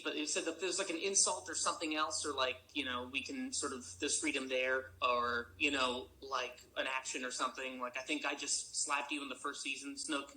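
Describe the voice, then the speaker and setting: Rambling young-sounding man, sharp tone. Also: a little high, a little hiss or hum, low-quality recording. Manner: rambling, filler-heavy. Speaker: actor on a panel. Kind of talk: casual panel talk.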